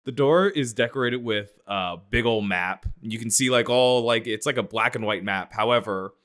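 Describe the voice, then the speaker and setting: A man's voice: medium pitch, moderate pace, a bit bright. A man playing a tabletop game, talking casually in a loose, rambling and hesitant way. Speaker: player. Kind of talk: casual in-character play.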